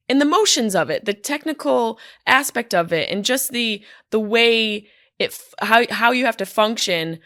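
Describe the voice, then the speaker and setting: A woman comedian telling stories in casual chat, candid and profane, full of quick asides. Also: mid-range voice, fairly bright tone, no room sound, clean studio sound. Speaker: comedian and podcast guest. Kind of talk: casual storytelling. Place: hotel room.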